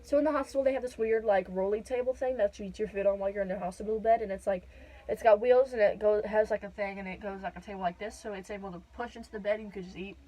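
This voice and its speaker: A woman's voice: medium pitch, steady tone, quick pace, dark tone, rough recording. A young woman casually telling her birth story in a vlog, rambling with lots of fillers. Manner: rambling, many "like" and "whatnot" fillers.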